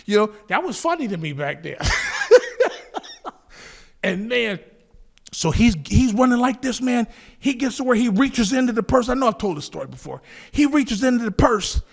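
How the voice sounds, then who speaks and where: A man from Southern California telling a street story in an animated, profane, laughing way. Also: extremely high pitch, moderate pace, creaky. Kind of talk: casual story told to camera.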